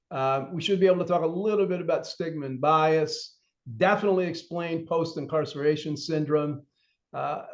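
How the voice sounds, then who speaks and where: A man's voice: on the high side, a little mellow, dull audio. A man leading an online corrections training session, talking through the objectives in a conversational way with lots of fillers.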